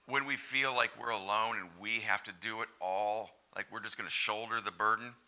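A male pastor giving an animated, conversational sermon and asking the congregation direct questions. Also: fairly low pitch, normal speed.

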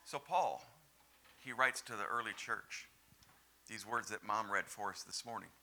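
Slow, sharp-toned preacher man. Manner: emphatic, swinging from loud stresses to hushed, low lines. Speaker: pastor. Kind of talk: sermon.

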